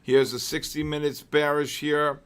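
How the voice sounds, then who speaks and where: A man's voice: on the high side, little pitch movement, moderate pace, fairly bright tone. Male trading-show host, live market talk, rambling and repetitive, prone to exclamations. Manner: rambling, repeats himself, frequent throat clearing; exclamatory asides.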